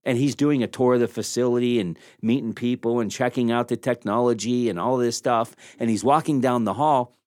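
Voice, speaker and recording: A man hosting a leadership podcast, talking into a studio microphone in a small room. His voice sits at an ordinary middle pitch and sounds close and dry, with almost no room echo. He tells stories in a lively, self-deprecating way and acts out the dialogue he quotes. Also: fairly quick, few pauses. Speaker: podcast host.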